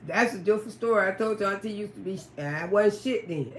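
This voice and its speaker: A woman telling a raunchy story on a live stream, loud, profane and laughing often. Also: mid-range voice, a little fast, roomy sound, slight background noise. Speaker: livestream storyteller.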